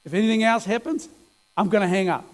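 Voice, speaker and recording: A man voicing an impassioned man who pleads loudly with God. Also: sits high, fast talker, natural voice. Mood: defiant. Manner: impassioned, pleading, loud outbursts. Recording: echoey hall.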